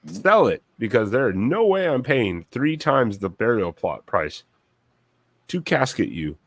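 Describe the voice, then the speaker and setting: A man co-hosting a casual livestream chat, blunt and profane, talking in quick bursts. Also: fairly low pitch, no echo. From United States. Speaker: co-host.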